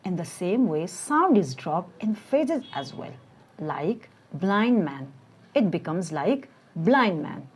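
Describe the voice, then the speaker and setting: A woman with a slightly husky, lower voice narrates a scripted English lesson. Her pitch moves in lively swings as she slowly sounds out example words one by one. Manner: slow, deliberate pronunciation drills. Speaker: English teacher.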